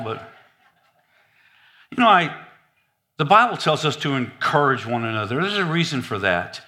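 A man preaching a sermon in an animated, humorous, conversational way. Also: fairly high pitch.

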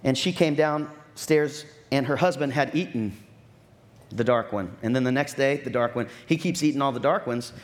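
A man preaching a sermon as pastor, telling stories and acting out what people said, with lively asides. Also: medium pitch, normal speed. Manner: storytelling with acted-out quotes and lively asides.

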